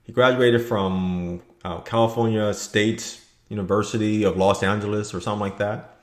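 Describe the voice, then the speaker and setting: Man, blunt vlogger, rambling commentary, lowish voice, roomy echo. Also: fairly even intonation, normal speed. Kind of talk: casual opinion commentary. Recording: echoey room.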